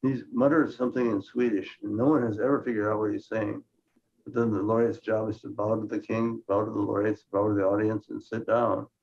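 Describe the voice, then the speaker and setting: This is a gravelly, fairly low male voice with little pitch movement, running a little fast. The speaker, an older man from Minnesota, gives a science lecture with slides at a conference, frequently restarting phrases and using dry humor. It's captured on a muffled lo-fi recording.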